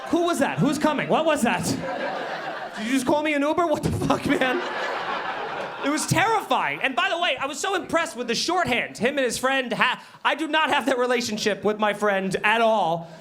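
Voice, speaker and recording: A man's voice: extremely high pitch, moderate pace. A man performing stand-up comedy in a small club, brash and profane, chatting with the crowd and acting out little scenes. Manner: brash, profane, animated storytelling with acted-out asides. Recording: live club audience laughing.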